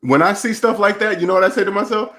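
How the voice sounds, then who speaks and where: Guy ranting on his stream, kinda high voice, mocking and preachy, still got a bit of a cold. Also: fast talker, sharp tone. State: getting over a cold. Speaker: channel host. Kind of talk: livestream rant reading chat.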